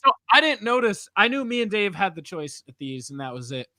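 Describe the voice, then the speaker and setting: This podcast host speaks in a high-pitched, brisk voice with no room sound. He tells his story with lots of energy, laughing frequently and performing the other people in it during the casual chat.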